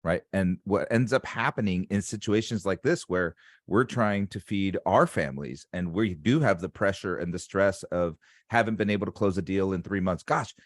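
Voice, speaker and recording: A man's voice: low voice, normal speed, dry recording, clean studio sound. A man hosting a casual interview as a sales coach, talking in an emphatic, motivational way. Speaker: sales coach and podcast host.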